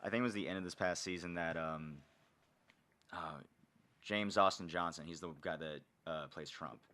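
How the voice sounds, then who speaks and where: A man's voice: sits low, normal speed, pushed and bright. A man chatting casually on a podcast, hesitant, full of ums, often trailing off mid-thought. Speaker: podcast co-host.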